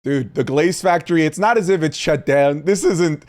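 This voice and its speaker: A man's voice: on the high side, normal speed, a little mellow. A man hosting a podcast, teasing his co-host and laughing often in casual banter.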